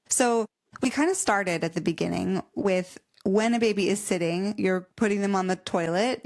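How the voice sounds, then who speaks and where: A woman hosts a parenting podcast. She asks questions in a casual, conversational way and keeps the guest going with steady little murmurs of agreement. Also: medium pitch. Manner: encouraging, frequent affirming murmurs. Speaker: podcast host. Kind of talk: casual interview talk.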